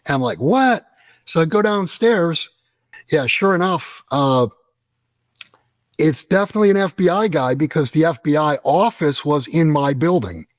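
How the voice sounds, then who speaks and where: A middle-aged American man telling a story as an interview guest, animated and profane, acting out the dialogue. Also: a little high, normal speed, dry recording. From United States.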